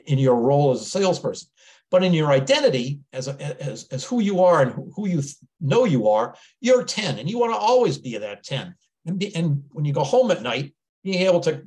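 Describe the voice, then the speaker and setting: This man's voice sits a little high and has a darkish tone. As a business mentor running a sales webinar, he speaks in an earnest, conversational manner, frequently repeating words while working through his thoughts.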